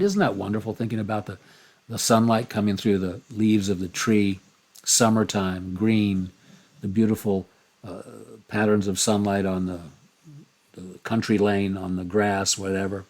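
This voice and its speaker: A man teaching a recorded lesson on a poem, reading and explaining it slowly and stressing single words one by one. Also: on the low side, fairly even intonation, darkish tone. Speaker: poetry teacher.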